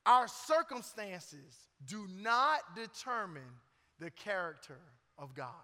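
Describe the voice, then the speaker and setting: Middle-aged male pastor, bright forceful tone, joking sermon delivery, long church reverb. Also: sits high, animated, takes it slowly. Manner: joking, conversational, emphatic preaching.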